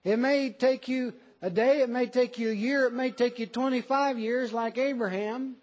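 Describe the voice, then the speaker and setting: A man's voice: fairly even intonation, normal speed, lo-fi sound. A man preaching a sermon in an earnest, emphatic way, pressing each point home. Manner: earnest, emphatic, reads a poem in a softer lower voice.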